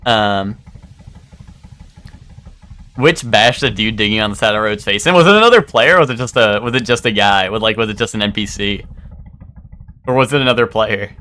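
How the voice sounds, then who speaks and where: A young man streaming live, chatting casually and rambling, with animated bursts into loud outbursts. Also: on the low side, a little fast, pauses often.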